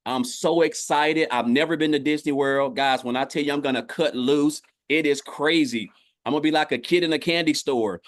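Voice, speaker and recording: A man's voice: on the high side, fairly quick, no room sound, clean studio sound. A man from Tennessee, speaking as a guest on a livestream video call in an upbeat, casual testimonial style. He keeps saying "guys" and often restarts his phrases. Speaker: guest on an online business livestream.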